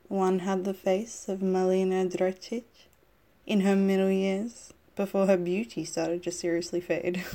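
A woman reading a first-person story aloud at a steady pace, now and then stumbling over a word and correcting herself. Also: mid-range voice. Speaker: story reader.

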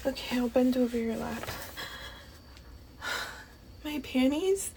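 Slow, high-voiced pleading young woman. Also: animated, background noise. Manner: pleading, hesitant, stammering and often dropping to a whisper. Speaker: audio role-play performer. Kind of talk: one-sided audio role-play.

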